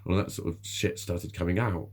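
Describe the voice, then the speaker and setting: A man's voice: sits low, fairly even intonation, moderate pace. A middle-aged man, talking candidly to camera in a rambling, sweary way, laughing often. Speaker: vlogger. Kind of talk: candid personal monologue.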